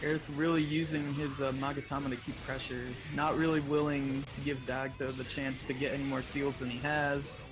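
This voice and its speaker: A man commentating a fighting-game tournament live, relaxed play-by-play with short excited calls. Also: mid-range voice, brisk, hardly any pauses, low-quality recording. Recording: commentary over game music.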